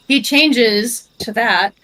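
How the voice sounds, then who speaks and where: A woman narrating as game master in a tabletop game, unhurried and halting. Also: fairly high pitch, fairly bright tone, rough recording.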